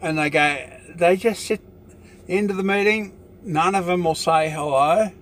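A man's voice: sits high, unhurried, fairly bright tone, slight background noise. Rambling profane Australian man. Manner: profane, meandering, fills with "you know". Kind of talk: rambling casual monologue.

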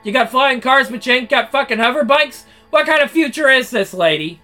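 Comic male commentator: crisp, forceful voice, foul-mouthed mocking rant, soft music under it. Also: very high voice, fairly quick. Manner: loud, mocking, swearing constantly; shouts in bursts. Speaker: commentator reacting to a narrated clip. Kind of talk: profane comedic rant.

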